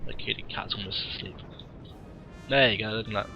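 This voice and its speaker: Bright-voiced man with a cold. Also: fairly low pitch, a little fast, vocal fry, soft background music, rough recording. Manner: rambling, wry, tired asides. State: has a cold, sniffly. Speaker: game replay commentator. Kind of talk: casual game commentary. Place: warm room at home.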